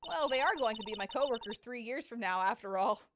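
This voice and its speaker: A woman's voice: fairly high pitch, lively intonation, quick pace, noisy background, natural voice. A woman voicing a young male defense attorney, reading his lines dryly and matter-of-factly. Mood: wry. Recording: game music behind.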